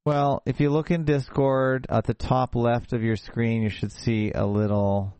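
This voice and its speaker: A man hosting a show, talking casually over a video call in a halting way, often restarting his sentences. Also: medium pitch, level tone, darkish tone, clear, resonant tone, no room sound. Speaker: show host.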